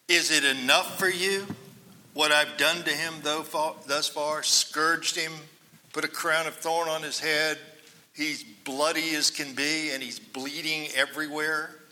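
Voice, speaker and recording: Slow, bright-voiced preacher in a reverberant hall. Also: male voice, a little high. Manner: dramatic, swings between loud quoted cries and hushed asides. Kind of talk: sermon, Bible teaching.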